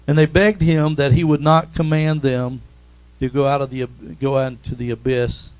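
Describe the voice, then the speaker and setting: A man preaching a sermon in an animated way, reading scripture and calling out amens. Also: medium pitch, normal speed, clean tone, poor audio.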